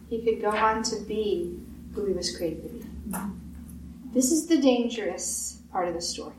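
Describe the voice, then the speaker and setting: A woman pastor delivers a sermon with emphatic repetition, slipping into quoted voices. Her voice sits somewhat high and is picked up from a distance in a reverberant room with a faint hiss. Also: a little mellow. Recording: roomy echo, distant mic, faint hiss.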